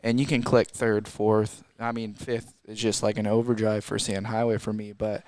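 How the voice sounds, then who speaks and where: A man's voice: fairly low pitch, flat delivery, normal speed, a little mellow, no room sound. A man talking casually as a guest about off-road driving, enthusiastic and rambling, with slang. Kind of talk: casual chat.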